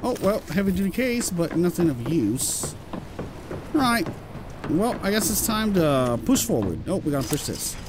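A British man giving excitable let's-play commentary and swearing when surprised. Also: high voice, moderate pace, background noise. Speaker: gameplay commentator.

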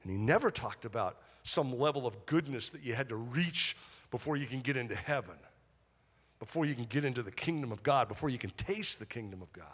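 A man preaches in a church with a bright, forceful voice that carries a slight husk. He swings widely in pitch as he leads the congregation in call-and-response. A long reverb trails his words through the hall. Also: expressive, moderate pace, husky. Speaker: pastor. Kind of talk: sermon. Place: church auditorium.

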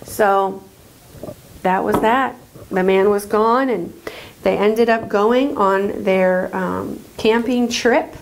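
A woman telling a story to children at church, halting with many fillers. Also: medium pitch, poor audio.

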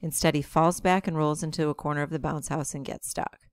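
A woman teacher reading a novel aloud to her class in steady, plain narration. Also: low voice, fairly quick, no echo.

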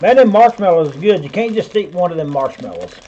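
A man's voice: sits high, expressive, a little fast, dark tone, dull audio. A man with a Southern US accent running a live online auction, rambling in a folksy way and calling viewers by name. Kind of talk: live-stream auction patter.

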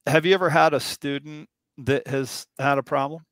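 A man's voice: fairly high pitch, moderate pace, dry recording. A man hosting a casual conversation, telling stories with lots of restarts and asides. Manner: rambling, animated storyteller with many restarts. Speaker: podcast host.

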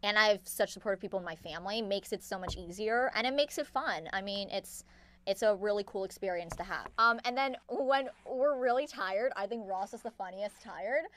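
A woman's voice: medium pitch, a bit bright, slight background noise. A giggly teenage girl, an actress, chatting casually in an interview. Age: late teens. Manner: giggly, chatty, quick to laugh.

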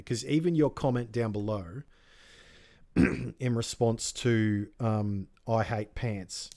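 A young man hosting an advice channel, talking bluntly and directly, swearing freely as he coaches a viewer. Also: medium pitch. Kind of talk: casual advice talk to camera.

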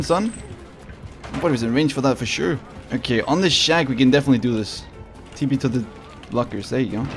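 A man giving casual, excitable gameplay commentary, swearing often and talking to his opponent. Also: mid-range voice. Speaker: gaming video creator.

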